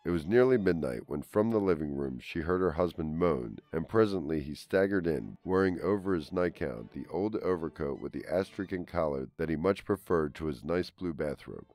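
Deep-voiced man narrating a literary story. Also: lively intonation, normal speed, hardly any pauses, a little mellow. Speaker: audiobook narrator. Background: faint string trio music.

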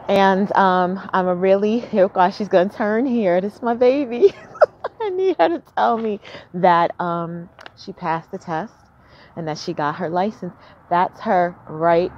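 A woman vlogging as a mother, excited and emotional, laughing and near tears. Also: fairly low pitch, muffled recording, slight background noise. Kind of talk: excited casual vlog.

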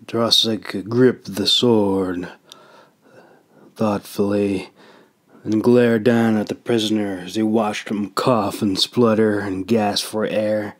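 A man narrating a fantasy audiobook in a measured, deliberate reading. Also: on the low side, steady tone. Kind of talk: storybook narration.

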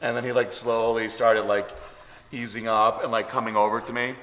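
A man's voice: fairly low pitch, little pitch movement, moderate pace, sharp tone. A man hosting a vlog, telling a story casually and rambling with many fillers. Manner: rambling, lots of likes and ums. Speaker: vlog host. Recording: echoey room with long reverb.

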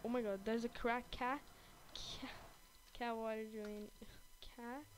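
A woman giving excited gameplay commentary, gasping and repeating her exclamations often, with her face kept off camera. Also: fairly high pitch, a little slow, a little hiss or hum, rough recording. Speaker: gaming channel host. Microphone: off-camera voice-over during gameplay.

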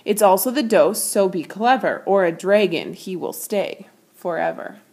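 A woman's voice: medium pitch, normal speed, darkish tone. A woman teacher reading a children's picture book aloud and explaining math concepts with patient clarity.

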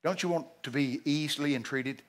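Folksy older Texan preacher. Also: male voice, fairly high pitch, a little fast. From Texas. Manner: folksy and emphatic, with sudden shouted exclamations. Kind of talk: sermon.

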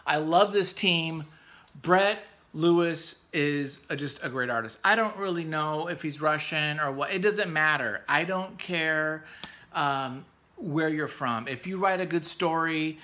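A man hosting a comics review channel, talking in a casual, excitable, rambling way with jokey asides. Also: a little high, moderate pace. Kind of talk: casual enthusiastic review vlog.

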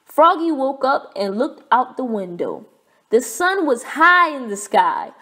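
Slow, expressive woman reading a storybook. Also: sits high. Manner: clear, expressive, deliberate. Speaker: storybook reader. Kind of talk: children's read-aloud narration.

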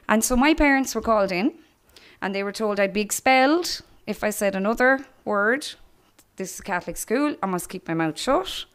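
A woman's voice: medium pitch, animated, moderate pace, clean tone. A woman with an Irish accent giving her church testimony, telling her story with laughter and acting out the voices of others.

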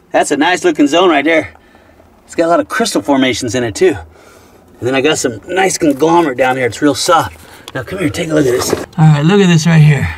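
A man's voice: high-pitched, pushed and bright, a little hiss or hum. A man hosting a casual vlog as a gold prospector from inside a narrow mine tunnel, folksy and jokey, with whooping exclamations. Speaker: gold prospector and channel host. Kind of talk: casual show-and-tell vlog.

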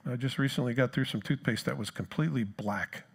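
A man's voice: mid-range voice, fairly quick, creaky, slightly rough. A man from New Jersey with a New Jersey accent, preaching a sermon in a conversational, self-deprecating way and acting out the disciples' cries. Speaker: pastor.

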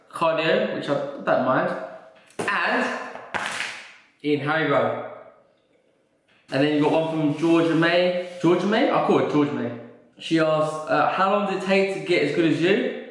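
A young man answering viewers' questions in a casual, joking vlog. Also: on the high side. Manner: chatty, joking, swears casually. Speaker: vlogger and fitness coach. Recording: very echoey room.

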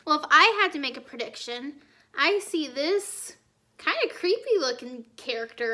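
Bright cheerful woman teacher reading aloud. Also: high voice, animated, normal speed. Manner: cheerful question-and-answer teaching. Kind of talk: children's read-aloud lesson.

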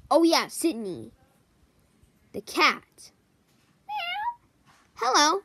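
Slow, hesitant woman introducing toys. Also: high voice. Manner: hesitant, many pauses and ums. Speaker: toy show presenter.

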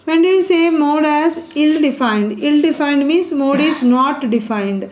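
High-voiced woman teaching in an echoey room. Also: animated, measured pace, darkish tone, a little hiss or hum. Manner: explains step by step, with asides to the class. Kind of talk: whiteboard statistics lesson.

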